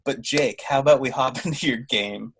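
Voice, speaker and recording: A man's voice: medium pitch, moderate pace. A man makes dry jokes on a casual podcast. There is a faint hiss behind his voice. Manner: dry joking. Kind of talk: casual chat.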